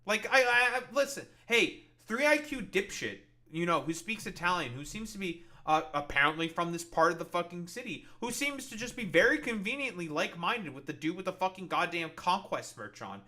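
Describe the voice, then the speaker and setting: A man's voice: high-pitched, big pitch swings, fairly quick, hardly any pauses, pushed and bright. A man hosting a casual reaction show, mocking a video in a profane rant. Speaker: podcast host reacting to videos.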